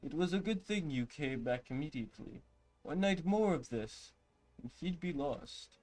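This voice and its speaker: A man voicing an old village healer in a game, slow and reassuring. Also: on the high side, animated, a little mellow, lightly acted. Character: old village healer trying to sound elderly.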